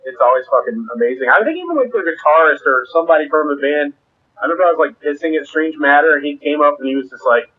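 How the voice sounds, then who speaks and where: A man with a somewhat high, husky voice tells crude, rambling stories in a casual chat. The sound is thin and phone-like. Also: animated, quick pace.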